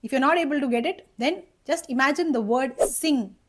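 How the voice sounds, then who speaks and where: Woman voice teacher, fairly high pitch, step-by-step instructional delivery. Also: moderate pace. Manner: checks in with "okay?" and "right?"; explains patiently, step by step. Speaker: voice coach. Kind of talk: instructional singing lesson.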